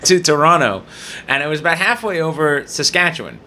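A man hosting a podcast, telling a story in casual, profane chat and jumping into quick voices. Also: a little high, sing-song, sharp tone, slight background noise. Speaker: podcast host.

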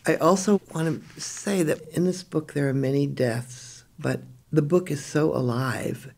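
A woman's voice: sits low, gravelly. A woman editor interviewing an author, speaking with effusive enthusiasm. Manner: warm, effusive praise. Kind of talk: casual interview conversation.

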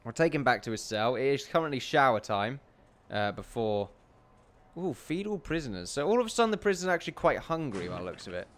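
A man giving rambling gameplay commentary, chatty and self-amused, who often laughs and calls his viewers ladies and gentlemen. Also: medium pitch, very animated, quick pace. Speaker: let's play commentator.

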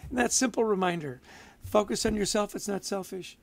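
A man's voice: sits high, a little fast, creaky. A man co-hosting a podcast, chatting casually and enthusiastically with his co-host.

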